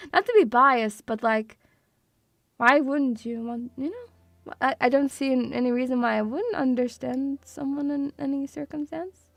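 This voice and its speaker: High-voiced, foul-mouthed woman streamer. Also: gravelly, no room sound. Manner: chatty, swears freely, calls viewers sweeties; self-mocking, laughs often. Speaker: VTuber streamer. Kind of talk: casual live-stream chat.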